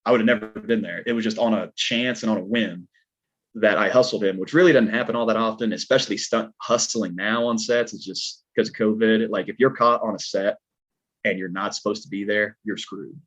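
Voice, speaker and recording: A man with a low, husky voice and a Southern American twang tells a story in a loose, rambling way, leaning on filler words. The audio is dull and lo-fi, like a home podcast setup. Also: steady tone, fairly quick. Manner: laid-back, rambling, lots of filler words. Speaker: podcast guest, stuntman. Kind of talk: casual storytelling chat.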